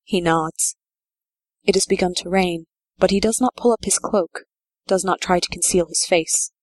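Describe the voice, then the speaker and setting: Woman, story narrator, measured steady reading, lowish voice, dry close sound. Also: dry recording.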